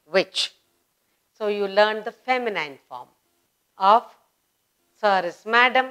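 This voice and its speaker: A woman with an Indian English accent teaches children basic grammar, drawing each word out at a very slow, deliberate pace. Her voice sits at a middling pitch, and she repeats key words with heavy emphasis, as if guiding a young class. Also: clean tone.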